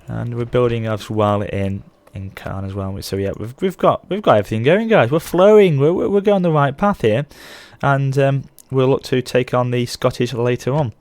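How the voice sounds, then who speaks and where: Recorded dry, his medium-pitched, darkish voice moves at a moderate pace with hardly any pauses. He's a gaming channel host in his thirties, rambling casually through let's play commentary and correcting himself often.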